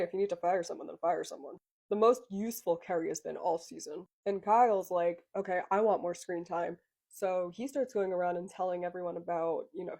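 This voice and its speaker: A woman's voice: lowish voice, dark tone. A young woman casually recapping a reality show, chatty and sarcastic, swearing freely.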